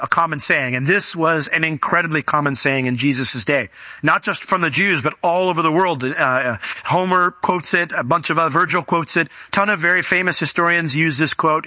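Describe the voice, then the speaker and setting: Bright-voiced man preaching a sermon. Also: a little high, dry recording. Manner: conversational, acts out quotes, emphatic. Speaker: pastor.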